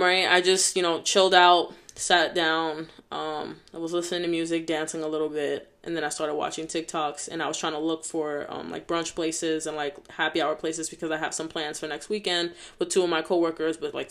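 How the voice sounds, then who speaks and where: A woman's voice: fairly low pitch, fairly bright tone. A young woman hosting a casual solo podcast, talking in a heartfelt, rambling way full of fillers. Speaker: podcast host.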